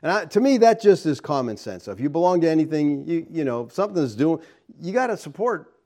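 A man's voice: big pitch swings, fairly quick, warm tone. A middle-aged man preaching a sermon as pastor, talking casually to the congregation and often asking "okay?" and "all right?". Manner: acts out quoted people in a higher voice.

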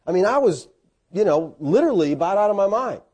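A man's voice: quick pace, breathy edge. A middle-aged man preaching a sermon, telling stories with folksy asides and self-deprecating humor. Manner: animated storytelling with sudden loud, high bursts.

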